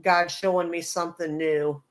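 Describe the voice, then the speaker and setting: A woman guest shares her testimony on a live stream. Her voice is somewhat low for a woman, and she speaks haltingly, with fillers and restarts. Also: level tone, very noisy. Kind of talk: casual heartfelt live chat.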